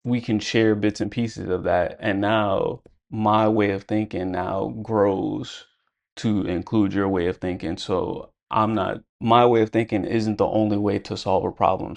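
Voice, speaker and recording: Casual reflective man with gravelly voice. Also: fairly low pitch. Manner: casual, reflective, lots of fillers like "like" and "you know". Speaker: vlogger. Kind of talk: personal storytelling to camera.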